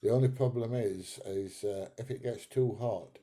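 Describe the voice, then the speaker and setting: Blunt, chatty man, low voice. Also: moderate pace, warm tone. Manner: chatty, blunt, swears, laughs at own jokes. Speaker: live stream host reading chat. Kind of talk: casual live stream chat.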